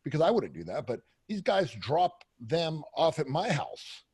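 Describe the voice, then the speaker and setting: Husky, brash man talking frankly. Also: fairly high pitch, very animated, a little slow, a little mellow. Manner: brash, profane, storytelling with many fillers. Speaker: podcast guest. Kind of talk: candid casual interview talk. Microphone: close podcast mic.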